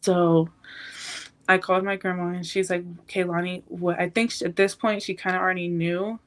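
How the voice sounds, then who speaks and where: Soft-pitched young woman, flat delivery. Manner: halting, emotional retelling. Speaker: podcast guest. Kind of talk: emotional personal storytelling.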